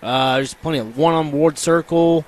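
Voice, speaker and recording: Co-host, man from Tennessee, fairly high voice, quick upbeat banter. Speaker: radio co-host. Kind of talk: casual sports radio chat.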